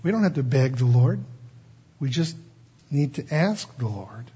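A pastor preaching a conversational sermon in a folksy way, with frequent stammered restarts. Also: male voice, mid-range voice, big pitch swings, unhurried, warm tone, slightly rough, highs cut off. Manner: folksy, stammering restarts, acts out quoted pleas.

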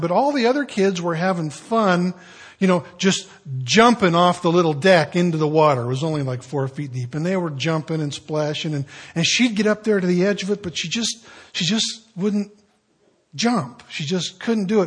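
A middle-aged man preaching a sermon in a conversational way, telling stories and dropping into hushed asides. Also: fairly high pitch, slightly rough. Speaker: pastor.

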